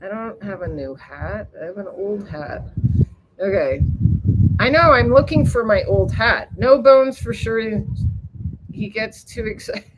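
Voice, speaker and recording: A woman hosting a livestream rambles at length to her viewers, reading chat, drifting between topics, laughing often and swearing casually, and she jumps up excitedly whenever she greets someone by name. Her mid-range voice moves at a measured pace, with background noise present.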